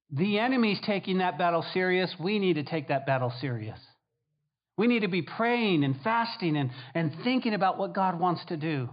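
A man's voice: high voice, expressive, a little fast, dull audio. A man, a pastor, preaching a sermon to his congregation. He drives his points home by repeating key phrases. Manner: emphatic, repeats key phrases, acts out quoted voices.

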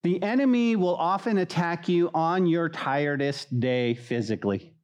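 Animated male preacher, fairly high voice. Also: normal speed. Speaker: pastor. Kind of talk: sermon. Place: church.

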